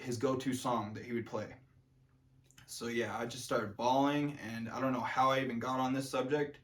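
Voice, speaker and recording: Guy rambling on his vlog, lots of likes and ums, keeps restarting sentences, average pitch. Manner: rambling, many fillers and restarts. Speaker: vlogger. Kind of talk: rambling casual monologue.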